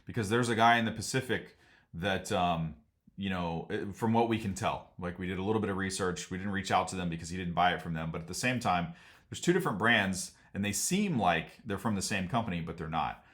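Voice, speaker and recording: A man's voice: low voice, fairly quick, a bit bright. A man hosting a casual vlog, rambling and frank as he warns viewers about a business problem. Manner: rambling, frank, laughs at absurd points. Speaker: sauna business owner and channel host.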